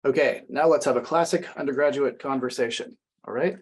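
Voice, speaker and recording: Guy teaching french, kinda husky, medium voice, slows down on the french words then translates. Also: mid-range voice. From United States. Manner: explanatory, repeats French phrases slowly then translates. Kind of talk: classroom language lesson.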